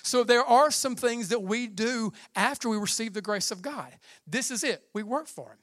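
A man preaching a sermon as pastor, passionate and building to shouted climaxes, with casual asides. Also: extremely high pitch, moderate pace, dry recording.

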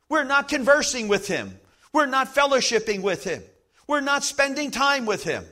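A man preaching a sermon as pastor, emphatic, slowing down to stress key lines and acting out little everyday scenes. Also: very high voice, very animated, bright, forceful tone.

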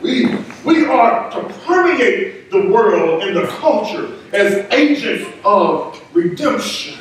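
A man preaching a sermon as pastor, emphatic and rising, with quick asides and laughter, in a church sanctuary. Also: high voice, very animated, a little hiss or hum. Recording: echoey church hall, from a distance.

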